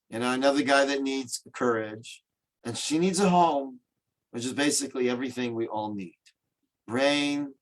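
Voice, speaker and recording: A man gives a humorous storytelling lecture over a video call. His voice sits in an ordinary middle range, and he keeps it light with jokes and playful asides. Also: medium pitch. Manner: joking, animated storyteller.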